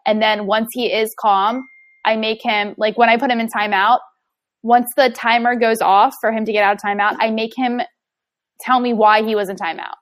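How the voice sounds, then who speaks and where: A woman's voice: a little high, steady tone, moderate pace. A young woman and mother chatting casually about parenting, telling stories with lots of "like" fillers. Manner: chatty, filler-heavy storytelling with laughs. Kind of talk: casual chat.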